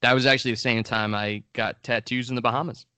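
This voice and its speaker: A man's voice: medium pitch, steady tone, fast talker, pushed and bright, clean tone, dry recording. A man from Long Island co-hosting a podcast, chatting eagerly and rambling with many restarts. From Long Island, New York. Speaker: podcast co-host. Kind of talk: casual podcast chat.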